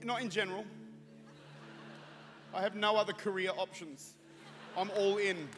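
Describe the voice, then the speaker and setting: A man's voice: high voice, steady tone, unhurried, a bit bright. A man in his thirties preaching a sermon, telling a humorous story and building into fervent prayer. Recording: reverberant hall with music.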